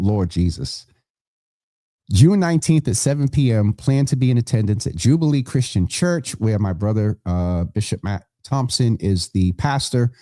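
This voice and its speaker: A man's voice: on the low side, dark tone, no room sound, clean studio sound. A man hosting a live online show, making casual announcements to viewers in a chatty, rambling way, correcting himself as he goes.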